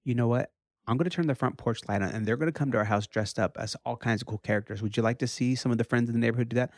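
A man in his thirties, a pastor, telling a story in casual chat, his voice rising high when he quotes his children. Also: very fast, no room sound, studio quality. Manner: animated, rises high when quoting his kids.

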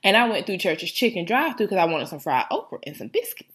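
A woman's voice: medium pitch, big pitch swings, fast, fairly bright tone. A woman from Rochester, New York, hosting a casual talk show, telling stories with big laughs and joking slang. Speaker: podcast host. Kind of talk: casual chat.

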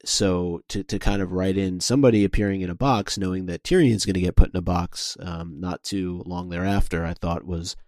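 A man co-hosting a casual podcast discussion, speaking in a measured, analytical way. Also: low voice, fairly even intonation, a little mellow, dry recording, clean studio sound. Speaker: podcast co-host. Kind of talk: casual chat.

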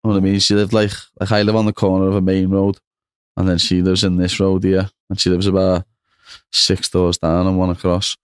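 A man's voice: sits low, monotone, fairly quick, smooth, dry recording, studio quality. A young man with a Liverpool accent, chatting as a podcast guest and tagging on "know what I mean". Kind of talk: casual chat.

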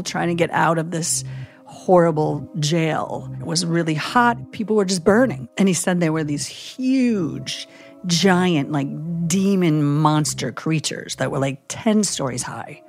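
Low gravelly woman telling a vivid story. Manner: vivid, animated retelling full of "like" and "you know". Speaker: chaplain. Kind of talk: casual storytelling in a podcast chat.

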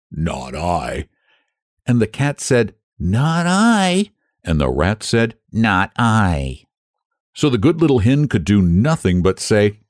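A man narrating a children's storybook with a lively, sing-song delivery. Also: on the low side, no room sound, clean studio sound. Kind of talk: storybook reading.

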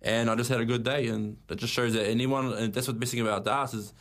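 A man with a New Zealand accent, a darts player speaking as a studio guest in a relaxed, casual radio interview. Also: medium pitch, quick pace. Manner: relaxed, laid-back, says mate.

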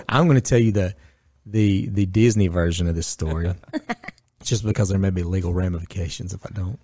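A man's voice: lowish voice, dry recording, studio quality. Blunt, profane man telling a story. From Northwest Georgia, US. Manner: blunt and profane, with lively acted-out quotes. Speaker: podcast guest, gym owner. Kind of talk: casual storytelling chat.

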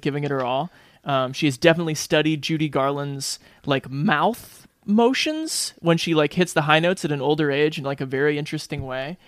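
A man hosts a podcast in a somewhat high voice, recorded dry and close. He talks things through in a hedging, casual way, often with "like". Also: fairly bright tone, no echo. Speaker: podcast host. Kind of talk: casual chat.

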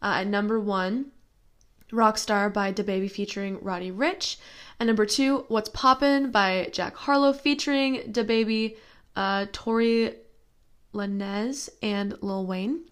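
A woman co-hosting a podcast, chatting casually, reacting quickly and reading out chart rankings. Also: mid-range voice, fairly even intonation. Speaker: podcast co-host. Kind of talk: casual chat.

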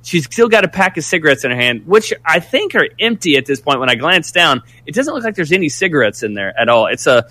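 A man casually telling a story, animated and profane, rambling with restarts. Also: on the high side, fast, hardly any pauses.

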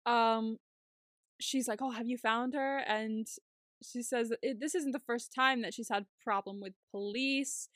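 High bright-voiced woman rambling through a show recap, keeps laughing and doing voices. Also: steady tone, measured pace, no room sound, studio quality. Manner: laughs often, acts out scenes in voices. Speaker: podcast co-host. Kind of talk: casual recap chat.

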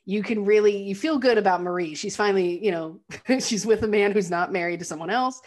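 A woman casually recapping a film's story, chatty and animated, sometimes slipping into the characters' voices. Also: mid-range voice, fairly quick. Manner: animated retelling, acts out quotes in character voices. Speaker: podcast co-host recapping a film. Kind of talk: casual chat.

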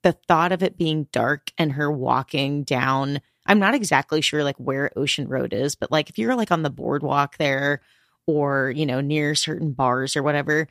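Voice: mid-range voice, normal speed, a bit bright, dry recording, studio quality. Rambling co-host reacting to a case. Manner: rambling, filler-heavy reactions. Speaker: podcast co-host. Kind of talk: casual conversation reacting to a story.

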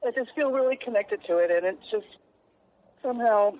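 A woman journalist speaking earnestly and emotionally as a guest in a radio interview, halting now and then. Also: a little high. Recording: tinny phone line.

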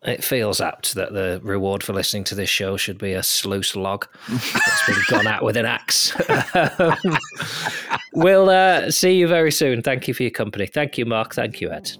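A man's voice: fairly low pitch, lively intonation, moderate pace, background noise. A man hosting a podcast, chatting casually with dry, wry jokes. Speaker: podcast host. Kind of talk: casual chat.

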